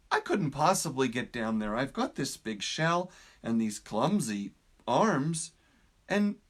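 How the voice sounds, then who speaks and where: A man voicing a gentle, patient female turtle who tries to coax a frog out of his well, speaking earnestly and with a few halting restarts. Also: on the high side, breathy edge, voice pushed up, full character voice. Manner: earnest, coaxing, a bit halting. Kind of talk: storytelling.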